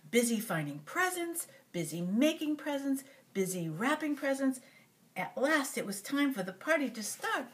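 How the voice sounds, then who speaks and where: An older woman reading a picture book aloud to a child, animated and stopping often to talk to the little one. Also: on the high side.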